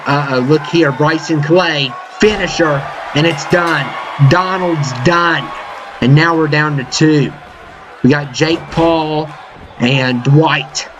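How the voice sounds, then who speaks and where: Man, wrestling game commentator, excitable, rambling fillers, somewhat high voice, muffled lo-fi audio, loud arena crowd behind. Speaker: play-by-play commentator for a video game wrestling show. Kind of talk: casual wrestling commentary over gameplay. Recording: dull lo-fi mic with game crowd and noise behind. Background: video game arena crowd noise.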